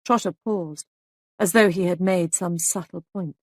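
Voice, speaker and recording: A woman narrating a mystery story as an audiobook reading, in a measured, even manner. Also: lowish voice, dry recording, clean studio sound.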